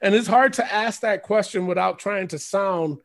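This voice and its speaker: A man's voice: high-pitched, normal speed. A man co-hosting a podcast in casual chat, rambling and swearing freely, often laughing. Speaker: podcast co-host.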